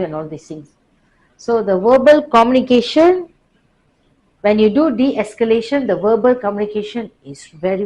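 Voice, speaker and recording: A woman teaching a workplace class, lively but slowing for deliberate emphasis. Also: mid-range voice, rough recording. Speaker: workplace trainer. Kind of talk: classroom lecture.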